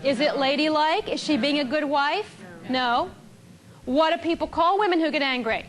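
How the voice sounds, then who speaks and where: A woman giving a seminar talk on relationships to a live audience, animated and emphatic, repeating key phrases. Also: high voice, moderate pace. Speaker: relationship speaker.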